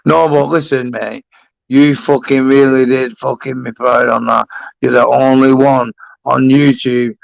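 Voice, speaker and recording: Gravelly man, gushing and sweary. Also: mid-range voice, level tone, measured pace, dry recording, muffled recording. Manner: gushing and emotional, swears a lot. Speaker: panel guest. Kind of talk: casual live-stream chat.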